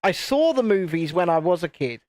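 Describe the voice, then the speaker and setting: A man's voice: sits high, sing-song, moderate pace, darkish tone, no room sound, studio quality. A British man in his late thirties hosting a live stream, chatting casually while building, in a rambling, self-interrupting way. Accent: British English. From United Kingdom. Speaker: YouTube channel host.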